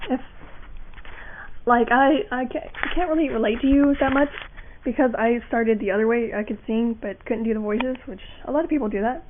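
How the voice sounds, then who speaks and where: A woman's voice: on the high side, normal speed, slight background noise. A young woman giving a casual voice acting how-to, rambling with fillers and restarts. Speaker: voice acting tutorial maker. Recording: tinny lo-fi home mic.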